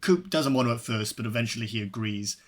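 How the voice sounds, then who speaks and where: Husky Welsh man reviewing a film. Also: mid-range voice, fast talker. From Wales. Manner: animated, laughing, swears freely. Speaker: podcast co-host. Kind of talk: casual film review chat.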